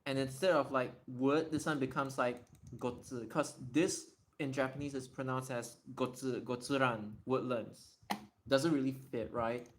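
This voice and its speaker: A man hosting a casual livestream, thinking aloud and sounding out words slowly, poking fun at his own attempts. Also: medium pitch, steady tone, slight background noise. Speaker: livestream host.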